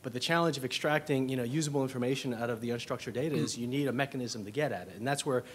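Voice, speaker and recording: Panel guy, lots of you-knows, kinda halting, faint room sound. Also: mid-range voice, slight background noise. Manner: hesitant, many you-knows and restarts. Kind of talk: conference panel talk. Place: conference session room.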